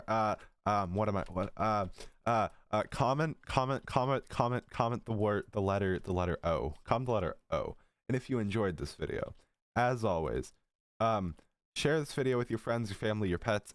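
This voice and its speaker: A man's voice: fairly low pitch, dry recording. Rambling, foul-mouthed teenage guy. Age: late teens. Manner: rambling, swears a lot, many fillers. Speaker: vlogger. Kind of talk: casual storytelling.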